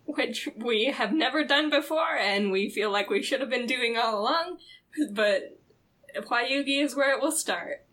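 A woman's voice: fairly high pitch, measured pace, a bit bright. A woman co-hosting a podcast in casual chat, rambling and full of "like", laughing often. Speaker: podcast co-host.

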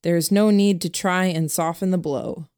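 A woman voicing a calm, principled young man who speaks in a measured, quiet way. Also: fairly low pitch, smooth, lightly acted.

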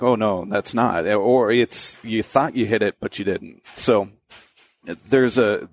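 A young adult man, a sports broadcaster and voiceover announcer, talks through his career in a relaxed way, with many fillers and restarts. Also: mid-range voice. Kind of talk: conversational interview.

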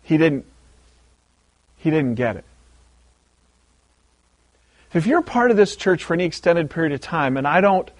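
A man's voice: fairly high pitch, sing-song, normal speed, long pauses, dry recording. A man preaching a sermon as pastor, telling a story with animation and repeating words for emphasis.

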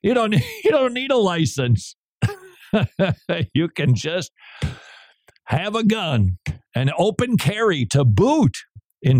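A man's voice: mid-range voice, darkish tone. A male radio host in casual on-air banter, his voice rising and falling with plenty of expression. He drifts from story to story and chuckles between remarks. The sound is close and dry, with no room echo. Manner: chatty and digressive, laughs between remarks.

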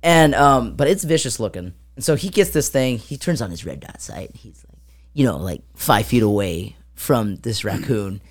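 Rumbling low with lively intonation, a woman podcast co-host talks at a moderate pace, barely pausing. Her casual chat features a long story that rambles with many fillers and sounds she acts out.

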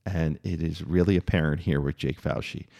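A man with a very low, gravelly voice talks through a review. He is opinionated but measured, and he pauses often on fillers and restarts his sentences. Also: steady tone, dark tone. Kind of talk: spoken review monologue.

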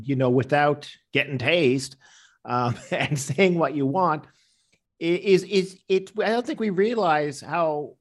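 A man answering interview questions with rambling anecdotes, acting out the people he quotes. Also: medium pitch. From Canada. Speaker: interview guest, comedian.

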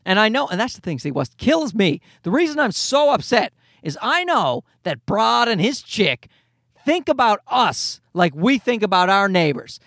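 A man's voice: high voice, big pitch swings, moderate pace, fairly bright tone, no echo, studio quality. A man in his thirties hosting a podcast, ranting in a casual comedic way, exasperated and profane, rambling with restarts. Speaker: podcast host.

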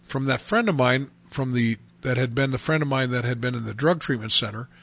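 A man from North Dakota giving a personal testimony, telling his story earnestly and haltingly with many restarts. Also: medium pitch, fairly bright tone.

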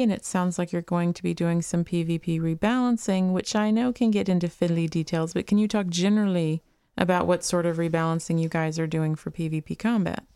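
Low-voiced woman podcast host. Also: mellow, clear, resonant tone, dry recording. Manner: reads quotes evenly, chats casually between them. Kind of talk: reading interview articles on a gaming podcast.

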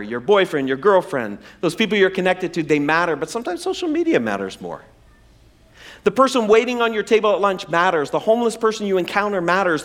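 Brief: forties male pastor, bright high register, swooping delivery, humorous and conversational from the pulpit. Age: 40s. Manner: humorous, conversational preaching with self-deprecating asides. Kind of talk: sermon.

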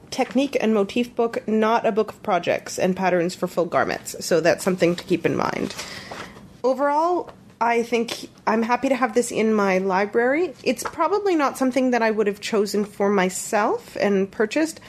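A woman co-hosting a podcast, reviewing a knitting book in a measured, thoughtful way. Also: a little high, expressive.

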